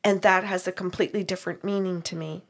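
A woman who works as a medium talks fast in a fairly low voice, telling a story about a reading. In an animated, chatty retelling, she acts out both sides of the conversation with quoted dialogue.

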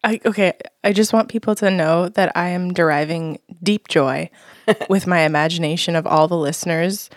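A woman's voice: fairly low pitch, normal speed, dry recording, studio quality. A woman co-hosting a podcast, chatting casually in a playful, teasing way and laughing often. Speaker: podcast co-host. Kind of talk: casual chat.

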